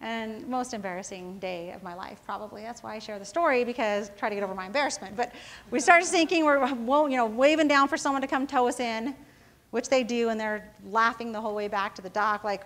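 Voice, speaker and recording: Woman, high voice, casual motivational speaker, self-mocking stories, keeps asking the crowd "right?". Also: fairly quick, a bit bright. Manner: casual storytelling, often asking the audience "right?". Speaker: business founder giving a talk. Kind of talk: motivational talk to students.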